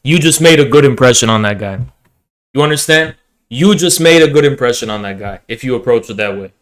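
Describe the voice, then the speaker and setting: A male streamer chatting casually, animated and profane, with plenty of jokes. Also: mid-range voice, a little fast. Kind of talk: casual stream chat with impressions.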